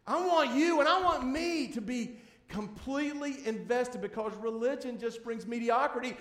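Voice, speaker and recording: A man preaching a sermon as pastor to a congregation, emphatic, swinging between loud bursts and hushed, drawn-out words, repeating key words for emphasis. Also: extremely high pitch. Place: church sanctuary before a congregation. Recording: echoey room.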